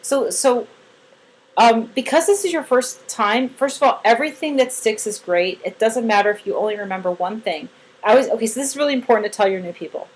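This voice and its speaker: A woman's voice: a little high, lively intonation, fairly quick, low-quality recording. A woman giving a casual one-on-one training session to a new team member, chatty and demonstrative as she acts out examples.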